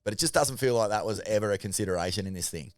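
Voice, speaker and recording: A man co-hosting a podcast, talking in animated, sweary casual chat with halting restarts. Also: on the low side, dry recording, clean studio sound. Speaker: podcast co-host.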